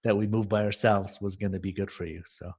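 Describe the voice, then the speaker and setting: A man co-hosting a casual chat, rambling through memories and acting out scenes in animated voices. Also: on the low side, fairly quick, breathy edge. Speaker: podcast co-host.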